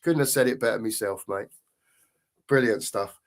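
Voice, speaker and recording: A man's voice: on the low side, moderate pace. A middle-aged man hosting a casual live football stream, reading out chat and greeting viewers in a matey way.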